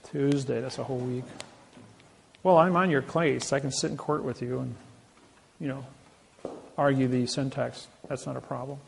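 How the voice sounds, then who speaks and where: A man's voice: mid-range voice, fairly even intonation, normal speed, creaky, long pauses, a little hiss or hum. A man telling boastful anecdotes in a rambling, casual way, often restarting his sentences. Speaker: self-described sovereign legal advocate.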